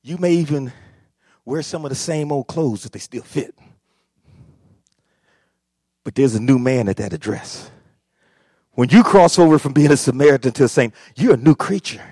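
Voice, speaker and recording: A male pastor preaching a sermon, swinging from quiet talk to shouting and calling out to the congregation. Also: medium pitch, animated, fairly quick, no echo, studio quality. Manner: repeats phrases, calls out to congregation.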